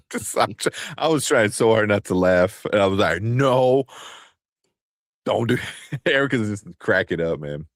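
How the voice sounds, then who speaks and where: A man in his thirties co-hosting a casual chat, acting out stories about his kids with big jumps in pitch. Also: animated, normal speed, fairly bright tone, no echo, studio quality. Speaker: podcast co-host.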